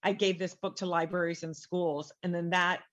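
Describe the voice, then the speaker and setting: A woman's voice: fairly low pitch, little pitch movement, normal speed, a bit bright, dull audio. A middle-aged woman, a guest author, telling her story in a casual interview and animatedly acting out the voices she quotes.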